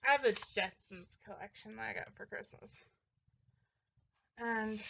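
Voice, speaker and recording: A woman's voice: medium pitch, measured pace, gravelly, pauses often, fairly bright tone, a little hiss or hum. A young woman chatting casually in a vlog, rambling with lots of fillers and little laughs as she talks. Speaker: vlogger showing a movie collection. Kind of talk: casual chat.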